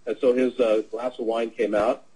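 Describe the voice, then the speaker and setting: A man's voice: medium pitch, flat delivery, normal speed, warm tone, breathy edge, poor audio. A middle-aged man presenting a webinar, telling a sales anecdote in a casual, rambling way with many fillers and restarts. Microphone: webinar audio.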